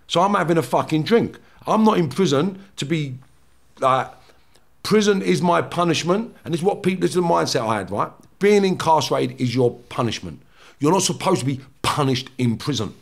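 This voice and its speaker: Speaking bluntly with a fairly high, expressive voice and some vocal fry, a former prisoner from London tells heated stories on a podcast. He swears a lot, restarts rapidly, and acts out confrontations as he goes.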